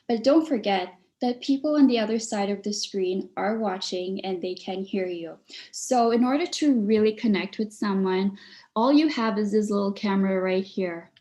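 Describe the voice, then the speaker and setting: A woman's voice: medium pitch, a little mellow. A woman giving an online presentation with tips on public speaking, coaching her listeners and often checking in with "all right?" and "okay?" over a video call. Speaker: webinar speaker.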